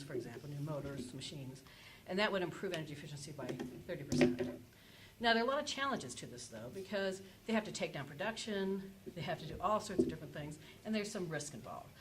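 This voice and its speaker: A woman's voice: fairly low pitch, expressive, quick pace, a crowd in the background, poor audio. A woman giving a conference panel presentation, speaking with many fillers and restarts as she works through her points. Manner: hesitant, many fillers and self-corrections. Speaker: energy policy panelist.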